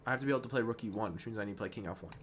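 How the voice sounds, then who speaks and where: A man streaming chess, talking fast and self-mocking through move lines, dropping to quiet muttering when frustrated. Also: fairly low pitch, a little hiss or hum. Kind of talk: casual live-stream game commentary.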